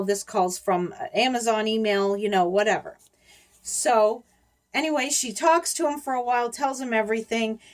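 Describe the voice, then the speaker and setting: A middle-aged woman telling a story to her viewers in a chatty, rambling way, with small laughs slipped between words. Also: on the high side. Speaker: YouTuber warning viewers about scammers. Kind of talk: casual storytelling to camera.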